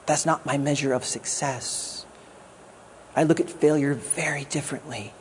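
A man's voice: a little high, steady tone, normal speed, slight background noise. A man giving a sermon as a guest pastor, in a conversational way with jokes. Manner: conversational preaching with jokes and acted quotes.

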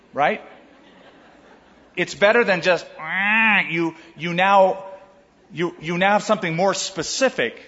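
Older man preaching, fairly high voice, long church reverb, muffled recording. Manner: conversational, animated preaching with asides to the audience. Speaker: pastor. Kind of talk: sermon.

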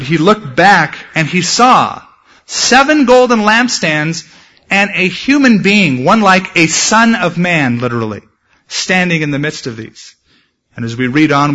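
A male pastor preaching a sermon, telling stories with lively asides and acting out quotes. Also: fairly high pitch. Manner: animated storytelling, shouts acted quotes. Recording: dull lo-fi sound.

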